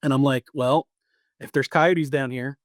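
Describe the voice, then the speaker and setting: A man's voice: medium pitch, steady tone, measured pace, dry recording, studio quality. A man in his thirties, a podcast co-host, casually telling a long hunting story with lots of restarts and repeats. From Pennsylvania or Maryland.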